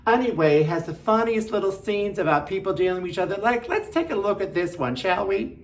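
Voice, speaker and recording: A woman's voice: mid-range voice, animated, fairly quick. A woman hosting a show of film recommendations, chatty and enthusiastic, with jokey asides. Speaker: film reviewer host.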